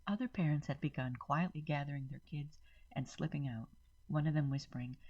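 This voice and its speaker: A woman storyteller reads a first-person story in a steady, measured voice. Her voice is low and husky. The recording is dull and lo-fi. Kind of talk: scripted story narration.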